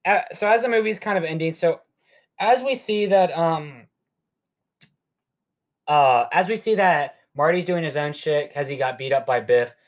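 A man's voice: on the high side, expressive, normal speed, pauses often. A young man hosting a podcast, casually recapping a movie in a rambling, profane way with lots of fillers. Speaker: podcast host.

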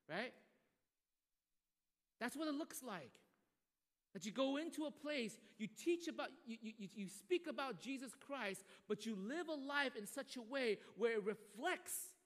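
A man preaching a sermon to a congregation, animated and acting out the people he quotes. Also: high voice. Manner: animated, acts out quoted voices. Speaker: pastor. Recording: long hall reverb.

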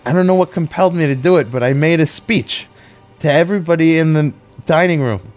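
A man's voice: fairly high pitch, normal speed. A man telling a personal story, animatedly acting out the people he quotes. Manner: animated, acts out quoted voices.

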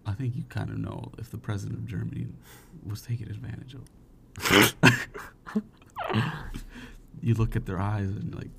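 A man's voice: on the low side, steady tone, normal speed, creaky, pauses often, noisy background. A young man co-hosting a casual podcast, joking and dodging questions, often acting out the lines of people he quotes. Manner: jokey, evasive, acts out quoted voices. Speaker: podcast co-host.

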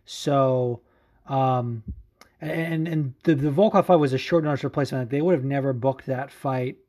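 A man hosting a podcast in a casual, excitable way, swearing freely and saying dude a lot, tired from a late session. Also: mid-range voice, moderate pace. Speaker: podcast host.

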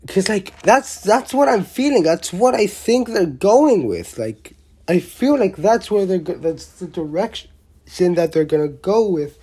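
Unhurried, soft-toned wrestling vlogger; blunt, rambling, excitable opinions. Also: mid-range voice, breathy edge. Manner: rambling, excitable, with many restarts; blunt, with mild swearing. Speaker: wrestling show reviewer. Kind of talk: casual opinionated review.

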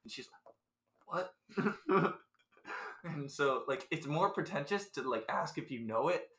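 A man's voice: fairly high pitch, lively intonation, unhurried, fairly bright tone. A young man hosting a podcast, chatting casually with loose, slangy, joking banter. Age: young adult. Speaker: podcast host. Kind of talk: casual chat.

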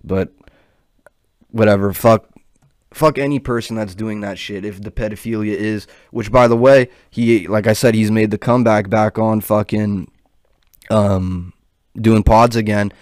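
A man's voice: lowish voice, steady tone, measured pace, darkish tone, no room sound, studio quality. Profane, rambling young man ranting. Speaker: podcast host. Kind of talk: casual podcast rant.

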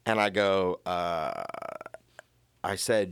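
Young man, low voice, swearing storyteller. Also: fairly even intonation, slow pace, creaky, slight background noise. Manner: swearing storyteller who acts out quotes. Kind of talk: casual chat.

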